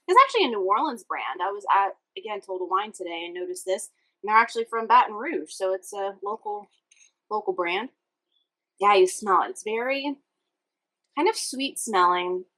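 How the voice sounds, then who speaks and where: A woman's voice: mid-range voice, pushed and bright, rough recording. A young woman from Louisiana hosting a casual cocktail demonstration in a home kitchen, talking to the viewer in a chatty, upbeat way as she mixes. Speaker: cooking show host.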